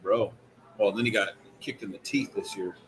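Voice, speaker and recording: A man co-hosting a casual chat show, telling stories in an animated way and laughing often. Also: on the low side, moderate pace, rough recording. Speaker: co-host.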